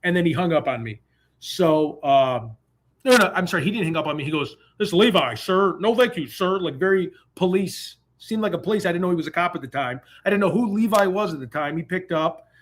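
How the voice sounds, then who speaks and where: A man's voice: on the high side, lively intonation, fairly quick. A man hosting a live call-in stream from a hotel room, talking casually and rambling between jokes. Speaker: host.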